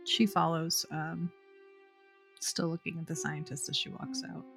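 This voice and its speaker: A woman playing a tabletop game, speaking in a quiet, offhand way. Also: low voice, fairly even intonation, unhurried, vocal fry, soft background music. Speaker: player. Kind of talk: casual tabletop play.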